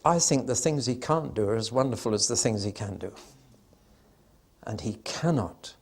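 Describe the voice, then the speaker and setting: A man's voice: mid-range voice, animated, normal speed, husky. A man giving a Bible teaching talk to an audience, emphatic and conversational with dry humor, swelling suddenly on stressed words and drawing them out.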